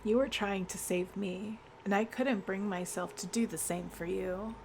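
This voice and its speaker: A woman reading the lines of a calm, reserved teenage girl detective from a game, in a plain, even voice. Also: mid-range voice, normal speed, slight background noise, natural voice. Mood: composed. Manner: plain, even read-aloud delivery.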